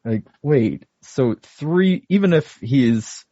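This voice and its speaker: A man's voice: medium pitch, expressive, takes it slowly, warm tone, dry recording. A man co-hosting a casual movie podcast, recapping the plot and laughing often. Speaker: podcast co-host. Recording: dull dry home recording.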